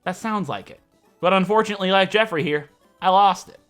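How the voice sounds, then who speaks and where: A man hosting a let's play, giving jokey, excitable commentary with mock game-show announcing. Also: high voice, fairly quick, soft background music. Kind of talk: gameplay commentary.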